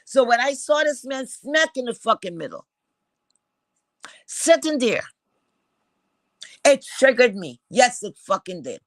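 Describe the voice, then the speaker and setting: A woman's voice: on the high side, sing-song, a little slow, long pauses, no echo. A woman gives a heated commentary rant. She is blunt, swears freely and keeps asking rhetorical questions.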